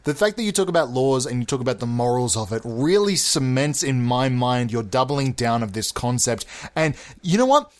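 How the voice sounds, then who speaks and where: Indignant man, lively swooping pitch. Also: moderate pace, few pauses. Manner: indignant, mock-offended, theatrical; over-enunciating, sliding between exaggerated high and low voices. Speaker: podcast host. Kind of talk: comedic podcast rant.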